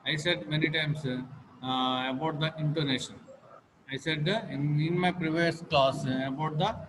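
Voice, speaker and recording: A man teaching a class, repeating phrases and pausing often with fillers. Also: on the high side, fairly even intonation, long reverb tail, noisy background. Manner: repetitive, halting with many fillers. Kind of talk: classroom lecture.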